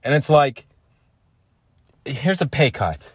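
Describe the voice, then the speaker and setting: A man's voice: mid-range voice, big pitch swings, takes it slowly, slightly rough, dry recording, studio quality. A man hosting a podcast alone, complaining in a frustrated, casual rant, swearing and repeating himself. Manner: swears often, calls listener man and dude. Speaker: podcast host.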